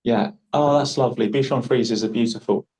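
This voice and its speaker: A man with an English accent hosts a workshop. He talks in a chatty, joking way and tells stories at a middle pitch. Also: fairly quick, a little mellow, low-quality recording. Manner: chatty, jokey storyteller. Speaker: workshop host. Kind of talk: casual workshop hosting.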